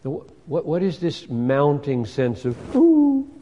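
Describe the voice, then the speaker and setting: A male preacher delivering a sermon in a large hall whose long reverb trails every phrase. He talks with emphatic, expressive energy and slips into the voices of the people in the passages he reads. His pitch sits in an ordinary middle range for a man. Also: slow pace, highs cut off.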